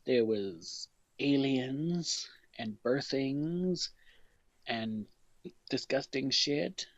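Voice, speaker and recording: A man's voice: mid-range voice, animated, drawn-out words, dry recording, lo-fi sound. A man co-hosting a podcast in casual comedic chat, blunt and teasing with plenty of swearing. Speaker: podcast co-host.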